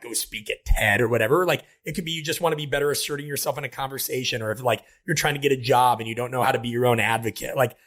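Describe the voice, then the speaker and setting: A man who coaches, guesting on a podcast, talking in a quick, animated way and making analytical points. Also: medium pitch. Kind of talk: casual podcast chat.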